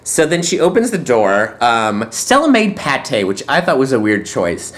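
A man's voice: medium pitch, huge pitch swings, normal speed, a bit bright. A man from Poland co-hosting a podcast, recapping a movie with wry, dry jokes in a casual chat. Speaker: podcast co-host.

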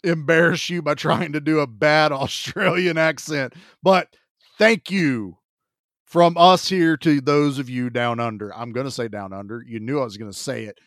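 A man's voice: a little high, moderate pace, fairly bright tone, no room sound, studio quality. A man co-hosting a podcast in a casual, chatty and joking way. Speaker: podcast co-host.

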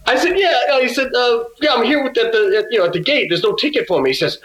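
A male guest musician telling a casual story in a halting way, with many restarts and laughs. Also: sits high, big pitch swings, a bit bright, reverberant, shouting, poor audio.

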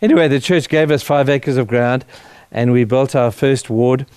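A middle-aged pastor delivers a sermon framed as his own testimony, his medium-pitched voice darkish, clear and resonant, with no room sound. He speaks earnestly and with real feeling, telling his story emotionally and often stopping mid-sentence to start over.

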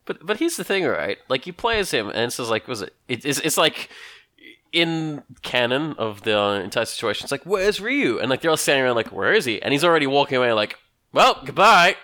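A man chatting loosely, full of "like" and restarts, with a bright, forceful tone and pitch that leaps around as he acts out goofy quotes. He keeps a relaxed, joking co-host manner. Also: fast, no echo, studio quality. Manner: rambling with many fillers, acts out silly voices. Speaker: podcast co-host. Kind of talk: casual chat.

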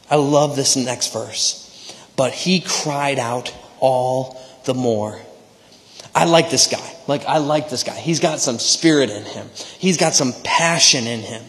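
Male pastor, mid-pitched voice, conversational sermon delivery, long reverb of a church hall. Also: measured pace. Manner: conversational preaching, frequent "right?" asides. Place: church sanctuary.

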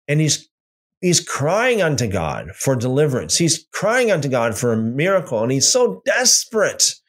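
A man leading a casual Bible study, reading passages aloud and commenting with animated repetition. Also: medium pitch. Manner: animated, repeats phrases for emphasis.

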